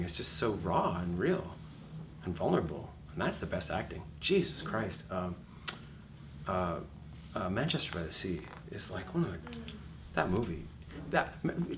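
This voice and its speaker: A man's voice: medium pitch, far from the mic, background noise. A man teaching an acting class, talking animatedly, swearing freely and acting out little scenes in put-on voices.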